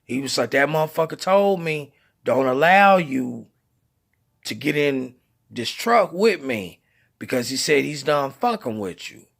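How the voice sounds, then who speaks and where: Slow-talking high-voiced man telling trucker tales. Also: vocal fry. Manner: slangy, profane, laughs while telling; acts out quoted voices with lively pitch. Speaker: truck driver telling stories. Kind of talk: casual storytelling to camera.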